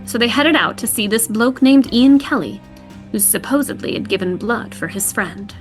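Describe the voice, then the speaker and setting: A woman's voice: fairly high pitch, animated, moderate pace, faint music behind. A woman hosting a true-crime podcast, narrating in a dramatic, punchy way. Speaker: podcast host.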